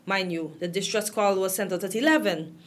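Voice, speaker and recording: A woman's voice: mid-range voice, brisk. A woman from Guyana with a Guyanese accent, talking in a casual, impassioned and indignant way. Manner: impassioned and indignant, voice rising with upset. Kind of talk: emotional casual talk.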